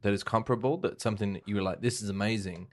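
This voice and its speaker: A man's voice: on the low side, steady tone, very fast. A man co-hosting a casual podcast, mock-indignant and joking. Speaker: podcast co-host. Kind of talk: casual chat.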